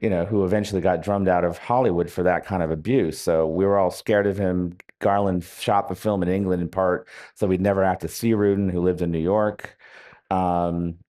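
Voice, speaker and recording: A very low-pitched man speaks on a festival stage in front of an audience. He tells long, wry stories that wander, full of pauses and small restarts, in an easygoing interview tone. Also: steady tone, warm tone. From United States. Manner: wry, rambling anecdotes with many hesitations. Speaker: author being interviewed. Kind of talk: live onstage interview.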